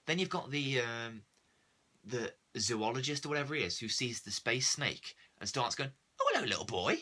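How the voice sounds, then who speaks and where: A man's voice: medium pitch, normal speed, pushed and bright. A man, co-hosting a casual film review chat, sarcastic, acting out quoted characters. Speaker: podcast co-host.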